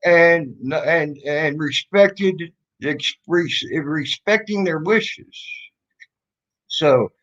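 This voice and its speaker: A man's voice: fairly high pitch, extremely slow, a bit bright. A man hosting a livestream, talking casually in a mocking, sarcastic way with rambling restarts. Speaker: livestream host. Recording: dull lo-fi stream audio.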